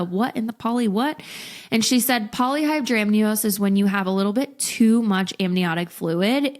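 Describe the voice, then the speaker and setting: A young adult woman, a podcast guest, telling a personal story in a candid, expressive way and acting out what people said. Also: mid-range voice. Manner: candid, expressive, acts out quotes. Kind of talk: casual storytelling.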